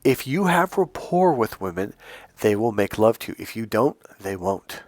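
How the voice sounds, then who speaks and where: A man's voice: fairly low pitch, very animated, normal speed, dry recording. A man coaching on dating in a casual, blunt monologue, swearing freely and acting out quoted voices. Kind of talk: casual direct-to-camera monologue.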